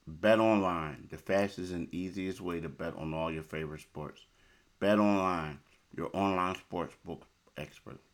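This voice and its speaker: A man's voice: low voice, a little slow. A man hosting a podcast, talking casually and emphatically, repeating himself as he reads sponsor ads. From Philadelphia. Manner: animated, repetitive, emphatic asides. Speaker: podcast host.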